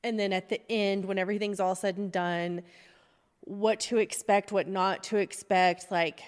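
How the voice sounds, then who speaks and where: A woman's voice: mid-range voice, fairly even intonation, moderate pace, smooth. Chatty woman in a reverberant room. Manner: rambling storyteller, laughs often. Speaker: podcast host. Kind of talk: casual chat. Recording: long reverb.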